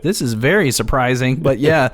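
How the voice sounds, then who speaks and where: A man's voice: mid-range voice, expressive, moderate pace. A man co-hosting a podcast, recapping a movie in casual chat and acting out quotes with lots of laughter. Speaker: podcast co-host.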